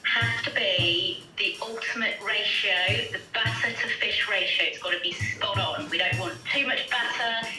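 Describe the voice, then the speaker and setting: A woman's voice: medium pitch, normal speed. An English woman, a food editor, explaining things in a breezy, matter-of-fact way during a casual chat. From England. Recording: echoey with loud music.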